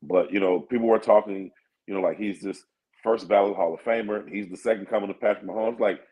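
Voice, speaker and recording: Lower-voiced man breaking down sports. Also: a little fast, darkish tone, rough recording. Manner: thinks aloud with fillers, asks "you know what I mean?". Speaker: sports talk co-host or guest. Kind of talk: casual sports analysis.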